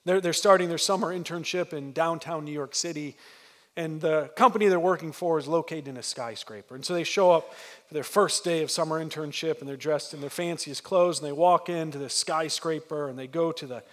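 A man's voice: on the high side, a little fast, a bit bright, big-room sound. A man preaching a sermon as pastor, telling a story with emphasis and frequent restarts.

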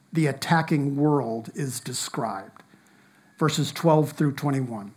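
A man preaching a sermon, reading scripture aloud in an earnest manner, with emphatic rises and soft drops. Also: a little high. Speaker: pastor.

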